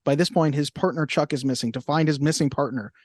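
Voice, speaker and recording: A man's voice: on the high side, fast, no echo. Laughing man recapping a movie, dry mic. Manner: laughing often, loose recap with fillers. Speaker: podcast co-host. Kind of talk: casual movie podcast chat.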